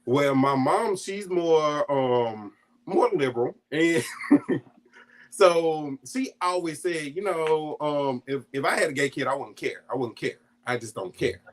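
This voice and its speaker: A man telling a personal family story in a casual, animated way, laughing often and acting out what his family said. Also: a little high, unhurried. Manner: acts out quoted family voices. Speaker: guest storyteller.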